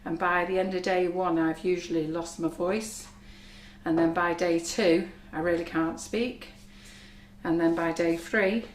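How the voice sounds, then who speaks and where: A woman with a husky voice, chatting reassuringly as she gives a live baking demonstration in a kitchen. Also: fairly low pitch, steady tone, a little slow. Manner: chatty, reassuring, talks while working. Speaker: cake decorating instructor. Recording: echoey kitchen with faint noise.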